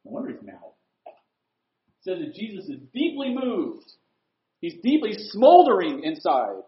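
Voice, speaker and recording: A man delivers a sermon with a high voice that leaps all over the place. He moves between loud emphatic lines and quiet, hushed asides. The sound is roomy and a little dull. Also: unhurried. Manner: animated preaching, swings from loud to hushed. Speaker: pastor. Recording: echoey room, dull lo-fi sound.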